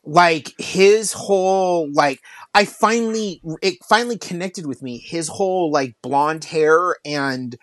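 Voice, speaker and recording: A man's voice: on the high side, takes it slowly, a bit bright, no room sound. A man co-hosting a podcast in casual chat, ranting and swearing, peppering his speech with "like". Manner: ranting, frequent swearing and filler "like". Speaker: podcast co-host.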